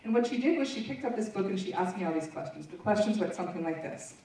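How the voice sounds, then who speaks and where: A woman's voice: mid-range voice, animated, fast, a little mellow. A woman presenter giving a candid personal testimony to an audience, speaking in a frank, conversational storytelling way. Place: large meeting room. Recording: echoey room, voice from far off.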